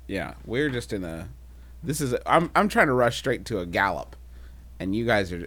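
A man's voice: on the low side, sing-song, moderate pace, a bit bright, a little hiss or hum. A man co-hosting a comedy podcast, reading listener questions in casual banter, mock-solemn and laughing often.

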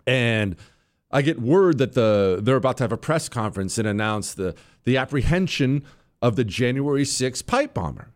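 A man's voice: mid-range voice, animated, normal speed. A middle-aged man hosting a talk radio show, delivering an opinionated monologue with emphatic swings while fighting the hiccups. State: has the hiccups.

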